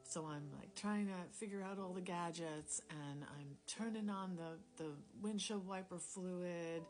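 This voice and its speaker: A woman telling a personal faith story in a casual, rambling, self-deprecating way, dropping into quiet whispers at times, recorded on a phone. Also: on the low side, unhurried. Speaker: Christian storyteller sharing a testimony. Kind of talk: casual spoken testimony. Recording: music playing clearly behind the voice.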